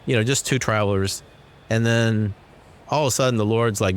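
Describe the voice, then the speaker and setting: A man's voice: lowish voice, fairly quick. A man casually telling a personal story and acting out the dialogue. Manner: animated, acts out quoted dialogue. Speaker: storyteller guest. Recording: music bed behind. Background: music.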